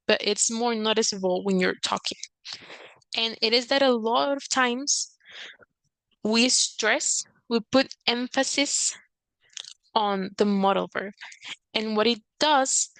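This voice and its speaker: A woman's voice: fairly bright tone, no room sound, poor audio. A woman teaching an English grammar lesson, explaining patiently and acting out short example lines with a lifted voice. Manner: patient, acts out quoted examples with lifted pitch.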